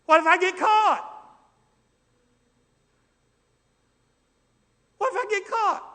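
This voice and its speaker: Male pastor's put-on voice: jittery young man, very high, sharp and loud, with hall echo. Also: brisk. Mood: alarmed. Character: anxious young man protesting to his mother. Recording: long hall reverb.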